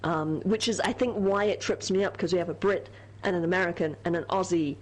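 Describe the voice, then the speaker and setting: A woman's voice: on the low side, brisk, poor audio. A British woman chatting casually over a game stream. She talks freely, teases her co-host and laughs often between thoughts. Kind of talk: casual chat over gameplay.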